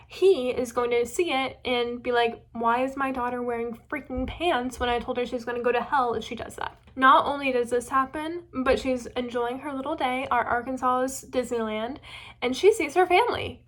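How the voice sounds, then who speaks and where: A young woman hosting a casual book-review chat, retelling a story in an animated way with quoted asides. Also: a little high.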